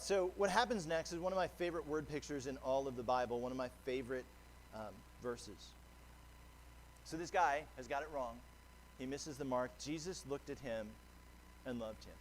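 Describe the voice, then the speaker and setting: A man's voice: high voice, animated, normal speed, slight background noise. A man preaching a sermon as pastor, earnest and conversational, often restarting a phrase. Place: church sanctuary.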